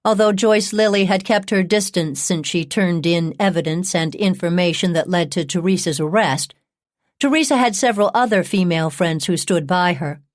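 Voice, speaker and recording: A woman with a fairly low voice narrates a true-crime audiobook at a measured, even pace. The recording is dry and close, with no room sound. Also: dry recording.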